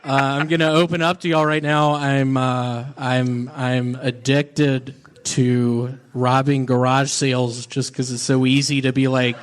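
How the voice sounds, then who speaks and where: A man doing stand-up and chatting on a comedy panel, with a halting, awkward delivery full of pauses. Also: mid-range voice, little pitch movement. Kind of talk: deadpan stand-up and banter.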